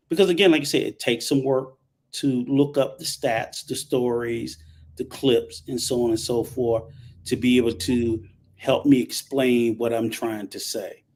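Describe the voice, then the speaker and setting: A man's voice: mid-range voice, darkish tone. Man hosting a casual talk show. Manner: conversational, emphatic, swears casually. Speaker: host.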